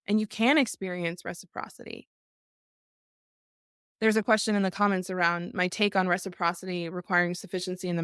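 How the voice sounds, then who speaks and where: A woman's voice: medium pitch, no echo, studio quality. A middle-aged woman hosting a podcast, speaking earnestly and tearfully in a reflective live talk, repeating phrases for emphasis. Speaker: podcast host.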